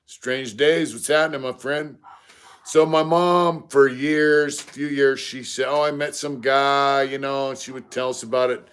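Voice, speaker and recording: A man's voice: medium pitch, fairly even intonation, a little slow, fairly bright tone, clear, resonant tone. A middle-aged man, chatting casually on a live stream and greeting viewers by name between stories.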